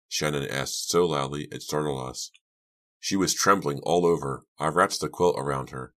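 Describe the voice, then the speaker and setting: A man narrating a horror novel for an audiobook in a steady, measured way. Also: extremely low pitch. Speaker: audiobook reader. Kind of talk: scripted narration.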